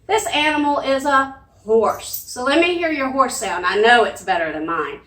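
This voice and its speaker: A woman leads a children's sing-along, her high voice swinging up and down as she coaxes and makes animal noises. She sounds set back from the mic in an echoey room. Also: animated, normal speed, fairly bright tone, far from the mic. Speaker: children's librarian. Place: library room.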